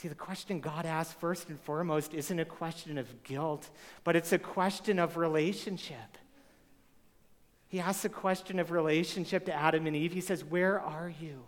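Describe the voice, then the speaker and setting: A man's voice: fairly high pitch, fairly even intonation, normal speed. A male pastor preaching a sermon to a live congregation, talking conversationally and asking the room questions. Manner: conversational, asks the audience rhetorical questions. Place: church hall with a live congregation. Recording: long reverb of a large hall.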